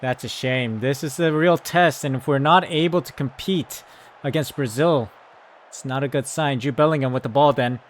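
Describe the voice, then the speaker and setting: A man giving excited live commentary on his football management game, yelling at his players, then calmly talking through tactics. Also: medium pitch, moderate pace, a little hiss or hum. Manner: excitable, shouts at the team, then calm tactical talk. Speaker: gaming YouTuber.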